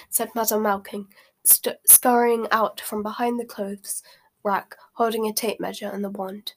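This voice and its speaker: A woman reading a novel aloud in steady, expressive narration. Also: medium pitch, measured pace. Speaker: reader.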